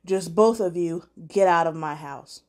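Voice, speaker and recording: A woman's voice: on the low side, a little slow, pitched below the performer's own voice, natural voice. A woman voicing a stubborn young man who pushes back against his family. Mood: resigned. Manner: defiant, shouting.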